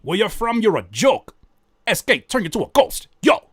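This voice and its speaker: Animated joking man, high voice. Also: moderate pace, husky, no echo, clean studio sound. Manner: animated, joking, rereads lyrics aloud; profane slang. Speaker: reaction host. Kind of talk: casual reaction commentary.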